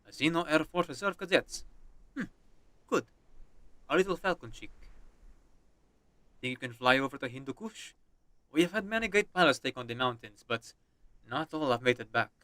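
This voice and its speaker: A man's voice: fairly high pitch, lively intonation, normal speed, long pauses, sharp tone, dry recording. A man voicing a stern army officer who warns a new recruit. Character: gruff male army officer, stern mentor.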